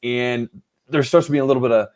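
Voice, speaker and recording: A man co-hosting a casual podcast, telling stories with lots of energy. His voice sits at an ordinary middle pitch. He jumps in and out of impressions as he retells what happened. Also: fast. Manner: animated storytelling, acting out quotes. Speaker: podcast co-host. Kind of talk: casual chat.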